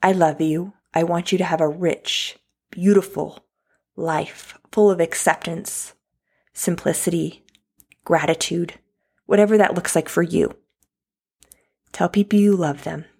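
Her voice sits on the low side, a little mellow and husky, with fairly even intonation, an unhurried pace, and frequent pauses. This podcast host in her thirties addresses the listener straight on, delivering a sincere, heartfelt motivational talk.

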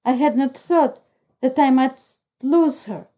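A woman narrating a novel in the first person, reading in a steady, even storytelling way. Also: high-pitched, slow, poor audio. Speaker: audiobook narrator.

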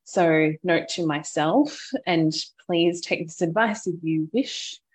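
A woman hosting a podcast, candidly recounting a hard parenting moment and offering gentle advice to listeners. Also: on the low side, takes it slowly, husky. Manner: open, reflective storytelling with frequent laughter. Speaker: podcast host and mother. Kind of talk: candid personal podcast talk.

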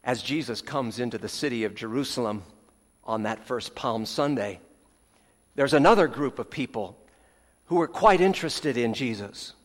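A man preaching a sermon as pastor, earnest with dramatic pauses, letting phrase ends fall soft, with folksy asides. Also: medium pitch, animated. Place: church sanctuary. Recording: long hall reverb, church sanctuary.

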